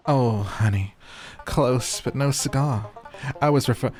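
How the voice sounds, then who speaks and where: A man's voice: mid-range voice, unhurried, a little mellow, soft background music, pitched above the performer's own voice, lightly acted. A man voicing a glamorous, haughty female fox villager who keeps calling people darling. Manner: affected, calls people darling.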